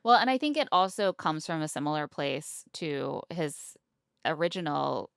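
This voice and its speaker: A woman with a low, gravelly voice talks through a show in a casual podcast chat. She slips into quick impressions of the people she recaps. Her voice sits close and dry on the mic. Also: no echo. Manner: animated, acts out quotes of others. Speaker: podcast co-host.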